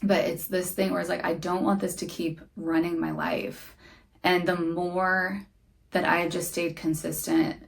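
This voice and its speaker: A woman's voice: lowish voice, flat delivery, unhurried, gravelly. A young woman hosting a podcast, speaking earnestly and candidly about her own struggles in a reflective monologue. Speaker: podcast host.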